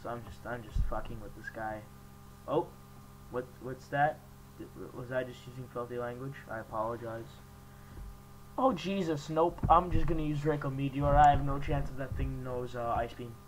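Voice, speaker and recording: A young man hosting his gaming channel, chatting casually and jokingly, reacting out loud as he plays an online battle at his computer. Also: mid-range voice, moderate pace, noisy background. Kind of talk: casual game commentary.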